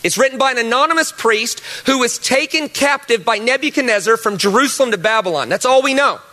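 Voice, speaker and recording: A man preaching a sermon, telling stories and rising to loud, emphatic peaks. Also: very high voice, brisk. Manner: animated storytelling, rises to loud emphatic peaks.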